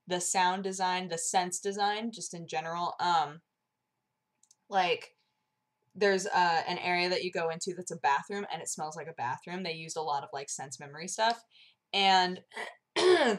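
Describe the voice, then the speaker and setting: Bubbly young woman with a sore throat. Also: lowish voice. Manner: bubbly, gushing, heavy use of "like". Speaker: vlogger. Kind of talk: casual vlog chat.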